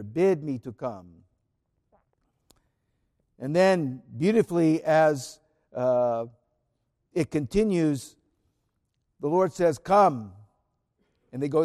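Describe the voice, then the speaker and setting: Slow, earnest preacher in a reverberant church. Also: male voice, on the high side. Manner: earnest, repeats phrases, drops to soft quiet tones. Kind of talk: sermon.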